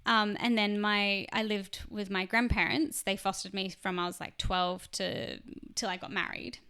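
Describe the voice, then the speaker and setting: An Australian woman chatting on a podcast, telling personal stories in a chatty, animated way. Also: medium pitch, moderate pace, clear, resonant tone. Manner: chatty storytelling, animated when quoting others. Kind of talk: casual podcast chat.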